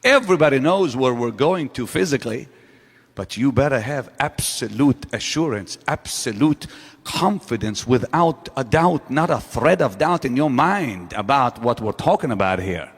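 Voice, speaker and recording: A man's voice: medium pitch, expressive, normal speed, slightly rough. A man preaching a sermon to a live audience in a large church auditorium, driving his point home with repeated rhetorical questions. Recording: long reverb of a large hall.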